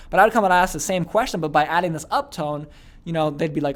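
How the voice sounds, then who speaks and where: A man's voice: fairly high pitch, quick pace. A young man coaching sales in a casual online course, chatty, with repeated words and frequent "okay" and "like". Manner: chatty, repeats words, many okays and likes.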